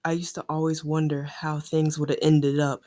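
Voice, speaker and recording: A solemn, dying old yakuza boss gives his parting words, read aloud by a woman from a comic. The reading stumbles over words and keeps a fairly low pitch. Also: flat delivery, moderate pace, dark tone, natural voice. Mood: wistful.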